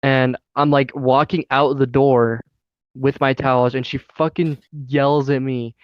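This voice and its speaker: A man's voice: medium pitch, level tone, a little slow, clean tone, no echo, lo-fi sound. A young man telling a story in casual chat as a podcast co-host, heated and profane throughout.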